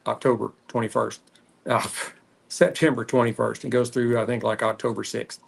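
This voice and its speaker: A man with a Texan accent hosting a cigar podcast, rambling casually with frequent pauses while he smokes. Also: on the low side, fairly even intonation, vocal fry. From Texas. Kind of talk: casual solo chat while smoking.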